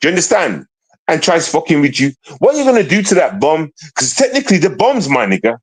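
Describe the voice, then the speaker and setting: A man's voice: fairly high pitch, big pitch swings, quick pace, husky. A man on a casual livestream ranting at online trolls, confrontational and profane, repeating himself often.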